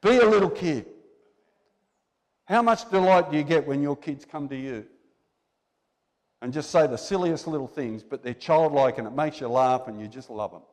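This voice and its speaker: A man's voice: medium pitch, normal speed. A male preacher delivering a sermon in a church. He talks conversationally, exhorts his listeners and asks them rhetorical questions. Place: church hall. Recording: long reverb in a church hall.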